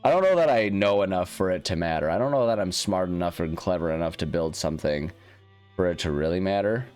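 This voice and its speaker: A man's voice: sits low, expressive, quick pace, darkish tone, soft background music. A man hosting a let's-play, rambling and self-deprecating as he thinks aloud through his choices. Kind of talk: casual gameplay commentary.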